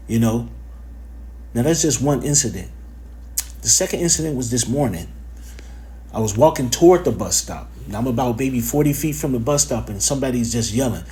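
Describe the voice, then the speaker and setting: A man's voice: mid-range voice, lively intonation, moderate pace, darkish tone. A man giving a casual spoken religious lesson, informal and profane, with plenty of fillers and repeated phrases.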